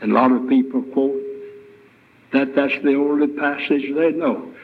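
A man's voice: medium pitch, fairly even intonation, measured pace, breathy edge. A man preaching a sermon as guest speaker, retelling scripture with emphatic rhetorical questions. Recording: tinny, phone-like lo-fi recording.

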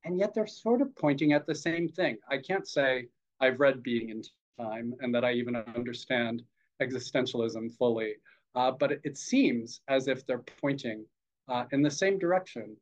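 A man who teaches Zen, giving a dharma talk in a reflective, hesitant way, with many fillers and gentle humor. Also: medium pitch, normal speed. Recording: dull lo-fi podcast audio.

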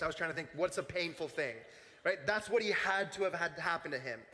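Bright-voiced pastor preaching in a hall. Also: male voice, a little high, brisk. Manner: casual, storytelling, acts out voices in quotes. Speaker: young adults pastor. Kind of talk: sermon with personal stories. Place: church hall. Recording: long hall reverb.

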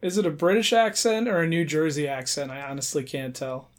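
A man's voice: a little high, fairly even intonation, brisk. A man co-hosting a podcast, giving casual commentary on a movie with dry, observational remarks. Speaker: podcast co-host.

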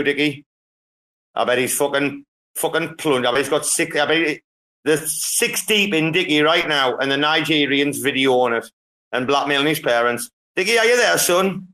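A male host chatting loosely with his guests and peppering his speech with swearing and rough jokes. His voice sits at an ordinary middle pitch. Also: bright, forceful tone. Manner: profane, joking banter. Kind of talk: casual chat.

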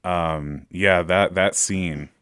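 A man's voice: sits low, steady tone, extremely slow, a bit bright, clean tone, no echo, studio quality. A man chatting casually on a podcast, telling stories full of ums and uhs. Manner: storytelling with many fillers. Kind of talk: casual chat.

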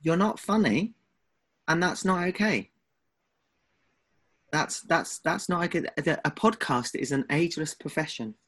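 A man's voice: a little high, expressive, unhurried, pauses often, fairly bright tone. A man with an Essex accent co-hosting a podcast in casual chat, teasing and protesting dramatically. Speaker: podcast co-host.

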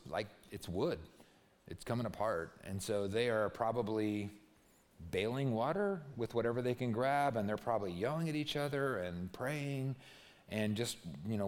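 A man preaching a sermon as pastor, telling a story expressively and dropping to a near-hush on key words. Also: medium pitch. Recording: long hall reverb.

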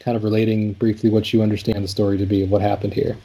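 Guy with a warm mellow voice, chatty and rambly, lots of ums while breaking down lyrics. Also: lowish voice, level tone, racing, slightly rough. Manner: thoughtful, rambling with fillers and restarts. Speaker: podcast co-host discussing song lyrics. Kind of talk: casual chat.

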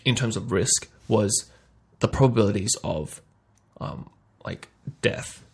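A man hosting a podcast in casual chat, playful, acting out little scenes and swinging between quiet and loud. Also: fairly low pitch, slow, breathy edge. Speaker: podcast host.

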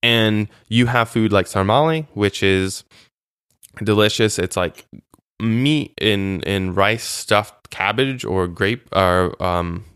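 A former volunteer, speaking slowly in a clear, resonant, low voice, is the guest in a casual conversational interview. He tells chatty, animated stories about his volunteering, with frequent fillers and restarts, recorded in studio quality with no echo.

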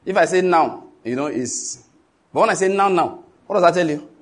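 Husky-voiced Nigerian preacher. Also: male voice, fairly high pitch, expressive, quick pace. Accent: Nigerian English. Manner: emphatic, asks the congregation to finish his sentences. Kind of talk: sermon.

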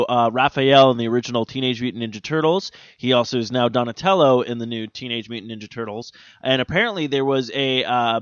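A man's voice: mid-range voice, fairly bright tone, no echo. Guy rambling on a gaming podcast, lots of uhs, kinda muffled dry mic. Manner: rambling, many fillers and restarts. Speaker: podcast co-host. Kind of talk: casual gaming podcast chat.

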